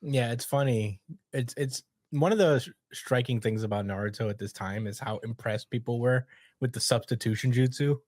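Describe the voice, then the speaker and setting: A man's voice: mid-range voice, normal speed, a little mellow, no room sound, clean studio sound. A man hosting a podcast in casual chat, retelling scenes with easy laughs. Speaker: podcast host.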